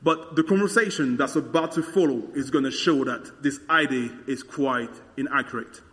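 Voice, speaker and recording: A man's voice: mid-range voice, moderate pace, a bit bright, big-room sound. A man teaching a Bible passage verse by verse in a conversational way, with frequent fillers. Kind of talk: explaining scripture verse by verse.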